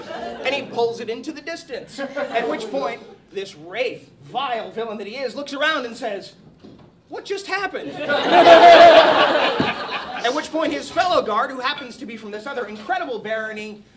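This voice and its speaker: Man, bard at a feast, mock-heroic comic storytelling, high lively voice, distant mic, loud crowd noise. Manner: animated, laughing, mock-heroic. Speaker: bard telling a tale at a feast. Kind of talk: comic oral storytelling to a live audience. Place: feast hall at a medieval reenactment event. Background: audience laughter and chatter.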